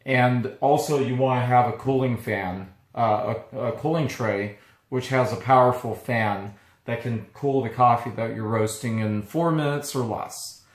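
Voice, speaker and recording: A man who owns a small coffee roasting business, talking casually to camera in a halting, easygoing way, his voice not yet fully recovered. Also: medium pitch. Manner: halting and easygoing, pausing often. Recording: echoey room.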